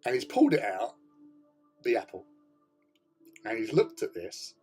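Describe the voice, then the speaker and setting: A British man with a husky, slightly breathy voice and a mid-range pitch, chatting casually as a hobby host. He rambles through a story, swearing freely and laughing often, with faint music behind him. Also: wildly swooping pitch, a little slow, a little mellow.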